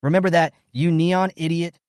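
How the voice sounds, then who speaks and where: A man's voice: fairly high pitch, steady tone, moderate pace, a little mellow, no echo, studio quality, voice pushed up, lightly acted. A man voicing an arrogant older American beast master in a recap story, talking in a blustering, threatening way.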